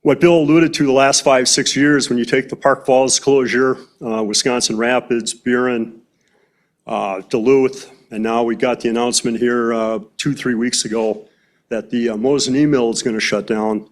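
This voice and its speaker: A man's voice: medium pitch, fairly even intonation, normal speed. A man, president of a forestry company, speaking plainly at a county board meeting with frequent hesitations. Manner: plain-spoken, many "uh" fillers.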